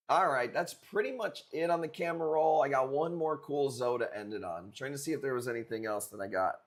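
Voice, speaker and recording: Young guy, live auction host, rambling jokey banter, mid-pitched voice. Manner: joking, rambling, crude banter with chat. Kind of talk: casual live auction chat.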